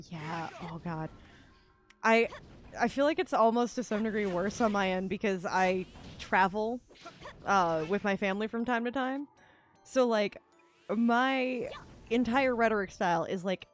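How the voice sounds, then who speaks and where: Young female streamer, mid-pitched, rambling chatter between gameplay moments. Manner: rambling, lots of "like" fillers, laughs often. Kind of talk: casual chat while gaming.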